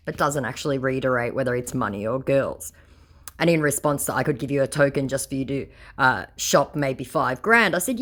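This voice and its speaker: A woman with a low voice narrates a chat with a scammer in a casual, sarcastic way. She taunts as she goes, and her pitch swings widely from line to line. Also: lively intonation, normal speed. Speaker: scam-baiting vlogger.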